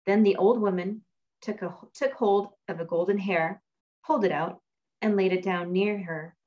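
A woman reading a fairy tale aloud in a measured storytelling manner. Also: mid-range voice, a little mellow. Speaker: reader. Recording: dull lo-fi recording.

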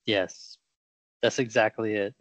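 A man's voice: fairly low pitch, fairly even intonation, slow, a bit bright, no echo. A man playing a brash male fruit-growing scientist in an improv comedy sketch, talking in pushy, rambling banter. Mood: pitching.

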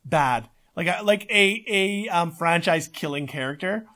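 Excitable, foul-mouthed man chatting. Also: a little high, measured pace. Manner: excitable, emphatic, swears often. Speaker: podcast co-host. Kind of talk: casual podcast chat.

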